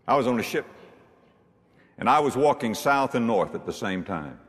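A man's voice: animated, normal speed, pauses often. Preacher guy in a church, voice swinging way up and down, long hall echo. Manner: preacherly, swings between soaring high emphasis and low hushed tones. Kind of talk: sermon.

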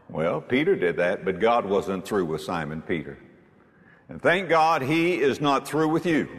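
A man preaching a sermon with emphasis, repeating key lines and reading scripture aloud. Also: mid-range voice. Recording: long hall reverb.

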